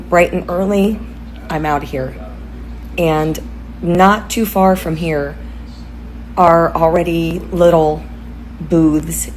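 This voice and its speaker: Woman, casual vlog, chatty and enthusiastic, slightly low voice, faint hotel room noise. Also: darkish tone, rough recording. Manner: chatty, enthusiastic about vintage finds. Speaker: home decor vlogger. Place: hotel room, sitting in bed.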